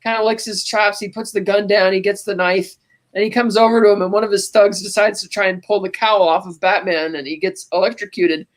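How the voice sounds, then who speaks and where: A podcast co-host on a call, casually recapping a film scene beat by beat in an animated, storytelling way. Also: mid-range voice, fairly quick. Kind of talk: casual movie recap chat.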